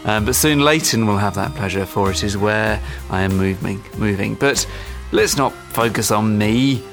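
A man's voice: fairly low pitch, normal speed, creaky, over music. A young man co-hosting an environmental podcast, chatting in a wry, rambling way. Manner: wry, rambling, self-deprecating. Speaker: podcast co-host. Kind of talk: casual chat.

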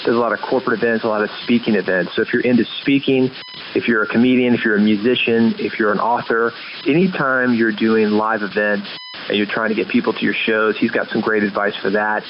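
Low-voiced man on a muffled line. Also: steady tone, fairly quick, slight background noise. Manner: friendly, recommending. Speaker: caller leaving a voicemail. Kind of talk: casual recorded message.

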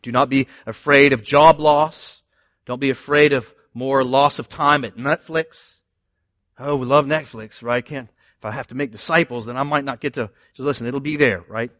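A man preaching a sermon as pastor, animated, rising and getting louder on scripture quotes, with quick asides to the congregation. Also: mid-range voice. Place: church.

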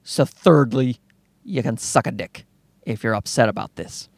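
A man hosting a podcast in a casual, rambling monologue, sarcastic and quick to swear. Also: mid-range voice, creaky, no room sound. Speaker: podcast host.

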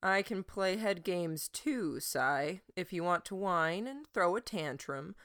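Woman reader as a steady, no-nonsense teenage boy for an audiobook, low and unhurried. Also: no room sound, clean studio sound, heavily acted. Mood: matter-of-fact. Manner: level, matter-of-fact. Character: calm, firm teenage boy.

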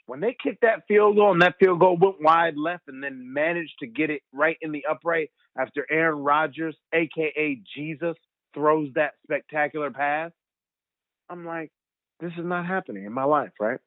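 A young man telling rambling, animated stories as a guest over the phone, laughing often. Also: fairly high pitch, normal speed, no room sound. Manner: animated, rambling storyteller who laughs a lot. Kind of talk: phone interview storytelling. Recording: tinny dry phone line.

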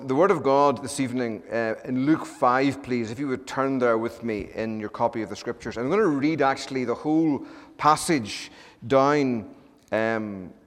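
A man from Ireland with an Irish accent, preaching a sermon as a pastor. He talks quickly and runs on, then slows for solemn prayer. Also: medium pitch, big-room sound. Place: church sanctuary.

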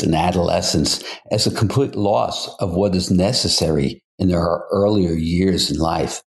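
An older man, a psychotherapist hosting a podcast, talking in an earnest, measured way and putting questions to the listener. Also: low voice, vocal fry. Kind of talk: reflective solo podcast talk.

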